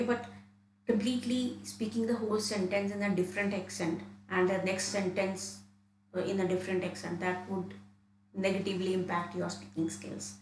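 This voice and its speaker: A woman from India teaches exam speaking tips in a steady middle voice, often restarting and repeating herself as she explains. The room rings with echo and a faint hum sits underneath. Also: medium pitch. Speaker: IELTS trainer. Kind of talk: online lesson.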